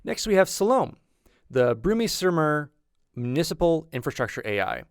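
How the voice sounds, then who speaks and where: A man's voice: a little high, big pitch swings, normal speed, clear, resonant tone, dry recording, clean studio sound. A man co-hosting a casual gaming podcast, chatty and enthusiastic, with many restarts. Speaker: podcast co-host.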